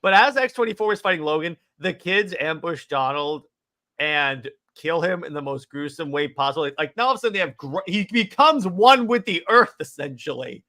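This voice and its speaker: High bright-voiced guy gushing about a movie scene, tripping over his words. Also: moderate pace. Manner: excitable, stumbling restarts, animated retelling. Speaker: podcast co-host. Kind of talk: casual movie discussion.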